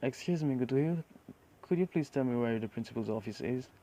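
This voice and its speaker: A man's voice: mid-range voice, expressive, a little fast, warm tone, close to an everyday voice. Izuku Midoriya, a man doing a polite teen boy. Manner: polite, earnest. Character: polite shy teenage boy student.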